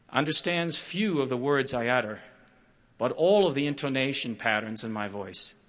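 Bright-voiced man giving a measured talk. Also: mid-range voice. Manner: measured, expressive, acts out quoted voices. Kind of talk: prepared public talk with storytelling.

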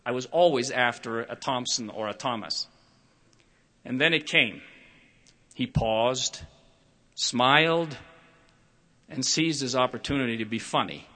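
An older man delivers a prepared public talk in a mid-range voice. He speaks in a measured, expressive way and acts out the voices of people he quotes while telling stories.

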